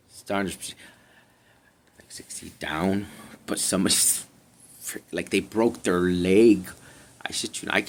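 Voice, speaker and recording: Gravelly low-voiced man, rambling and sighing. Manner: meandering, trails off, sighs often; drifts between loud and hushed. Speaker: spiritual reader. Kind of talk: rambling casual tarot vlog.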